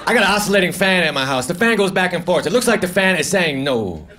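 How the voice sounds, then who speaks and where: A man doing a stand-up comedy set of deadpan one-liners with mumbled asides, recorded live on a comedy club stage. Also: sits high, fast, background noise.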